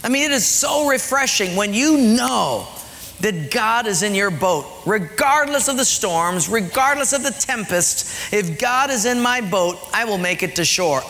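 A man preaching a sermon as pastor, emphatic, often dropping low and quiet to stress a point. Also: long reverb tail.

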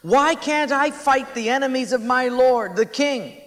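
A protesting, wronged young warrior, voiced by a preacher, raising his bright voice in demand. A long hall reverb trails behind him. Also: high voice, very animated, takes it slowly, exaggerated voice. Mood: indignant.

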